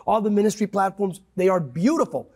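A man with a high, gravelly and husky voice preaches with fervor during a conversation. He leans hard on key words, cites scripture and swings up and down for emphasis. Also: expressive, fairly quick, a little mellow. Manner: emphatic, quotes scripture, swings pitch widely. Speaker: pastor guest.

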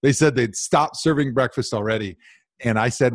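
A man co-hosting a casual podcast, from Wisconsin, telling stories with animated, mock-outraged energy. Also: medium pitch, moderate pace, no room sound, studio quality. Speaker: podcast co-host.

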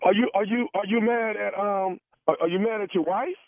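A man on a prank phone call, posing as a valet manager, stammering and trying to calm the other person down. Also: high voice, a little fast, no room sound. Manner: stammering, placating, keeps saying hold on. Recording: tinny phone line.

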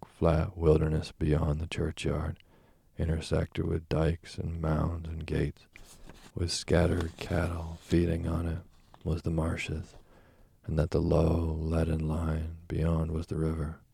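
Very deep gravelly male narrator. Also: completely flat delivery, warm tone, no room sound, clean studio sound. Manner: slow, deliberate storytelling. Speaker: audiobook narrator. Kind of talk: scripted narration of a classic novel.

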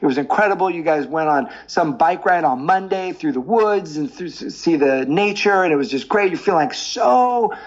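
Animated dating coach, slightly muffled. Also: male voice, a little high, normal speed, hardly any pauses. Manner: animated storyteller, explains with examples. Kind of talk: podcast interview.

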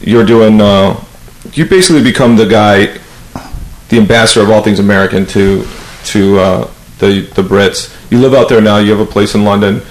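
Animated storytelling man in an echoey room. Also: lowish voice, moderate pace. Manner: animated storyteller, swearing, acting out quotes. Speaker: podcast host. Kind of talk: casual storytelling interview. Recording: echoey room with faint noise.

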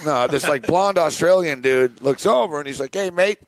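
A middle-aged man hosting a sports betting podcast, telling a rambling, animated anecdote in casual chat. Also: a little high, normal speed, no echo. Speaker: podcast host. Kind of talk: casual storytelling.

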